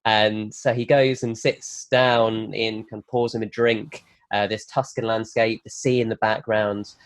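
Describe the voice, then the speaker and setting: A man pitching a film plot on a comedy podcast, telling it as an animated story and acting out the lines. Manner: animated storyteller, quick, acts out quotes. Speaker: guest pitching a film idea.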